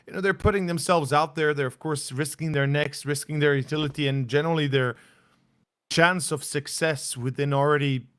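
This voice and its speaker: Male color commentator for esports, excitable and playful, slightly high, dry close sound. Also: normal speed, clean tone, no room sound. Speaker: esports co-caster.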